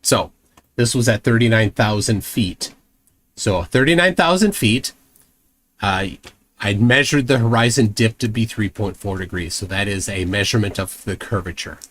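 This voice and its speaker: A man's voice: on the low side, moderate pace, a bit bright, slight background noise. A man hosting a live show, arguing bluntly and sarcastically in a heated debate, often talking over the other person.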